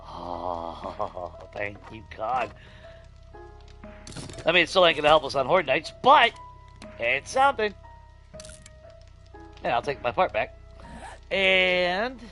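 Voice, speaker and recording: A young adult man hosting a let's-play, chatting casually to his viewers, swearing freely and swinging between grumbling and giddy excitement. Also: fairly high pitch. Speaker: gaming channel host.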